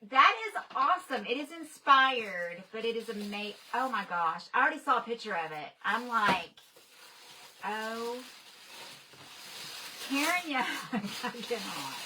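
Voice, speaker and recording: An older woman chatting casually on a livestream as host, gushing and excitable as she talks to her viewers. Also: on the high side, normal speed, few pauses, noisy background.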